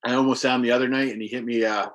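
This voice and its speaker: A man's voice: mid-range voice, fairly even intonation, racing. A man co-hosting a podcast, casually recounting game battles step by step and swearing freely. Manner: rambling play-by-play, profane. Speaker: podcast co-host. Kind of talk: casual gaming chat.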